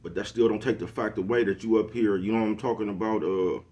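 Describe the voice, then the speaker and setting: A man's voice: fairly low pitch, fairly even intonation, fast talker, warm tone. A middle-aged man, giving a preachy casual monologue to camera and constantly asking if you know what he's talking about. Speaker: social media commentator.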